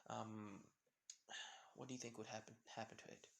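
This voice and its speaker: A man voicing a gruff, protective older male biker who talks in a low, easygoing way. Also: level tone, normal speed.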